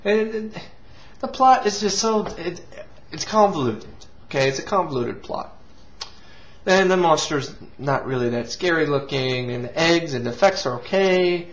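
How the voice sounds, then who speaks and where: A man's voice: on the high side, animated, moderate pace. A man hosting a casual movie review, rambling with restarts and casual swearing. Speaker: movie reviewer and show host. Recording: lo-fi, dull sound.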